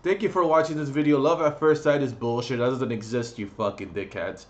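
A man rants straight at his viewers in a blunt, mocking monologue. His talk is crude and heavy with profanity. His voice sits at a middle pitch. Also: fairly quick. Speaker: vlogger. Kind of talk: ranting vlog monologue.

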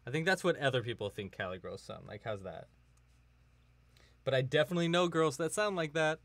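A man's voice: a little high, animated, fairly quick, fairly bright tone, dry recording. A man from California hosting a casual livestream while crocheting, chatty and jokey, often laughing. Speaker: livestream host.

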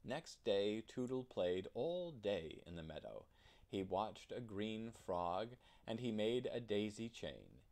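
A man narrating a children's storybook in an expressive storytelling manner. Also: on the low side, slow pace. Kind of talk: children's storybook read-aloud.

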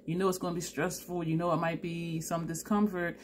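A woman's voice: on the low side, little pitch movement, brisk, slight background noise. A tired woman, telling a story to camera in a chatty way, laughing often and acting out both sides of the conversation. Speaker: beauty vlogger.

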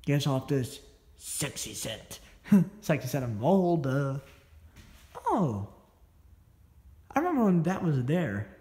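A man's voice: a little high, sing-song, slow, pauses often, dark tone, reverberant. A man narrating as he explores an abandoned house, a bit out of breath, rambling and often correcting himself, filmed on a phone. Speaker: urban explorer vlogger. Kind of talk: casual walkthrough narration. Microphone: phone held while filming.

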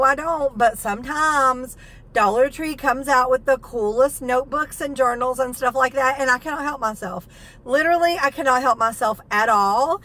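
A high-pitched woman with a drawl talks through her shopping haul. She is chatty and excitable, gushing over what she bought and reading the labels aloud as she goes. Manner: chatty, enthusiastic, reads product text aloud. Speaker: haul vlogger. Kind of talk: casual haul video chat.

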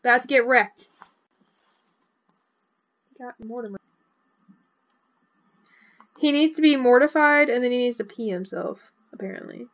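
A young woman giving casual, excitable commentary over a video game, often breaking into laughter. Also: a little high, unhurried, pauses often, lo-fi sound. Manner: giggly, excitable, shrieks with laughter. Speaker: gaming vlogger.

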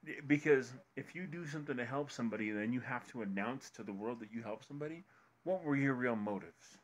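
Furious ranting man, loud and swearing. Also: mid-range voice, fast talker. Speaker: commentary co-host. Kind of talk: angry reaction commentary.

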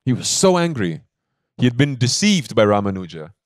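A man's voice: mid-range voice, big pitch swings, normal speed, no echo, studio quality. A man giving a devotional sermon as a spiritual teacher, telling a story in an emphatic, conversational way and often checking in with his listeners.

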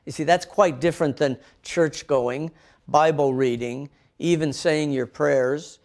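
A man's voice: fairly high pitch, measured pace. A middle-aged man from the Midwestern United States, a pastor preaching a sermon and easing in with a casual story, often restarting his words. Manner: storytelling with frequent restarts and fillers. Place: home in a coastal town, recorded for online service.

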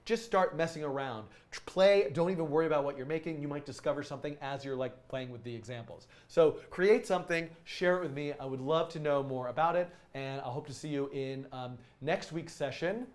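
A man's voice: fairly high pitch, a little fast, darkish tone. A man hosting a casual coding live stream, talking students through project ideas in a rambling, enthusiastic way with many ums and restarts.

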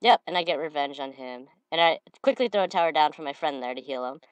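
A slightly sniffly woman giving excitable gameplay commentary, breaking into shouted trash talk. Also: deep voice, quick pace, clean tone, no echo, muffled recording. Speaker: gamer.

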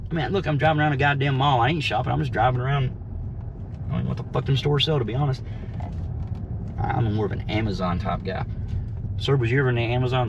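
A man's voice: medium pitch, vocal fry. Profane man ranting from his car. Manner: profane, heated, mocking. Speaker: vlogger. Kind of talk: ranting while driving. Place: inside a car. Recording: faint road noise in a car. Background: faint vehicle noise.

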